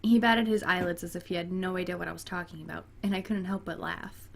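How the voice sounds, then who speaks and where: A woman's voice: lowish voice, fairly even intonation, fast talker, gravelly. A woman gamer reading a dating game aloud and breaking off into chatty, giggly asides, including talking to her cat. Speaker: let's play gamer.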